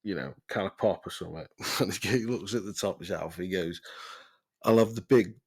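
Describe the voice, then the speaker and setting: Man, very low voice, casual sweary storytelling, laughs a lot. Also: moderate pace, slightly rough. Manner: rambling, sweary, laughs often. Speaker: podcast host.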